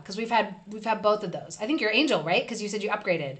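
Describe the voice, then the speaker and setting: A woman chatting her way through a live stream, reading comments aloud as they come in. Her talk is loose and playful, full of quick asides and friendly back-and-forth with viewers. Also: medium pitch, expressive, a bit bright. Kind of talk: casual live stream chat.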